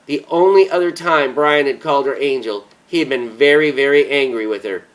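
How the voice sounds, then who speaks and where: A man reading a dramatic story aloud at a slow, solemn pace. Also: medium pitch, low-quality recording. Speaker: audiobook narrator. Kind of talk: dramatic audiobook narration.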